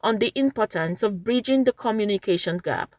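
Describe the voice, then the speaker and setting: A woman giving measured, scripted narration for a television feature. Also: mid-range voice, animated, darkish tone, no echo, clean studio sound. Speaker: program narrator.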